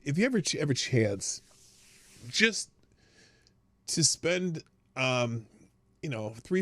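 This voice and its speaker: Lively rambling stream host, man. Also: medium pitch, no echo. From Nebraska. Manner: rambling, jumps to loud excited outbursts. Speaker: host of a live morning stream. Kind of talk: casual live-stream chat.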